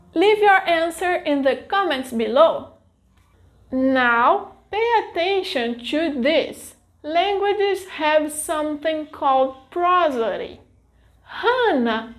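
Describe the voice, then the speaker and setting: A Brazilian woman with a high, light voice gives a pronunciation lesson in English. She speaks at an unhurried pace and draws out each example word with care. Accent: Brazilian Portuguese. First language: Brazilian Portuguese. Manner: careful, deliberate explanation with drawn-out example words. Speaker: language teacher.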